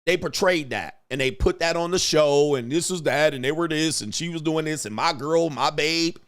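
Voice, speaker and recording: A man's voice: a little high, moderate pace, a bit bright. A man hosting a show, ranting in a crude, boastful, swaggering way in casual talk. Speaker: show host. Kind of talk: casual livestream rant.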